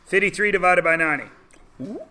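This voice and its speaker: A man teaching a math class in a classroom, chatty and teasing, often checking in with quick questions. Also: sits high, animated, bright, forceful tone. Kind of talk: classroom lesson.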